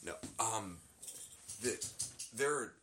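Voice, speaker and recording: A deep-voiced man rambles through a relaxed podcast chat, full of ums and restarts. His pitch jumps around freely, and a faint hiss sits under the recording. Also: drawn-out words. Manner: rambling with many fillers, animated. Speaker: podcast co-host. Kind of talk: casual chat.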